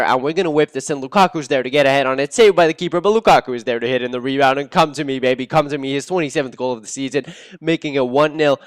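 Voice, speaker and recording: A young man talks through his gameplay in a smooth, clear voice, flaring into excited, swearing outbursts. The sound is dry and close, with no room around him. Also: mid-range voice, dry recording. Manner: excitable, cursing, bursts of outrage at misses. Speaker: gaming channel host. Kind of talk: casual gameplay commentary.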